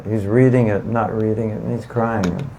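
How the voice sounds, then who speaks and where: Gravelly-voiced man giving a devotional talk. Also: lowish voice, fairly even intonation, normal speed, warm tone, a little hiss or hum, low-quality recording. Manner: conversational, asks the audience questions, emphatic repetition. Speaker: spiritual teacher giving a class. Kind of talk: informal devotional lecture.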